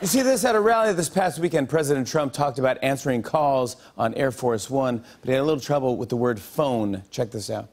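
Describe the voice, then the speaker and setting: A man's voice: medium pitch, animated, brisk, few pauses. A man hosting a late-night comedy show, delivering a monologue and running a game with audience members, joking and laughing as he goes. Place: TV studio with live audience. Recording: loud studio audience laughter and noise. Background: crowd laughing and cheering.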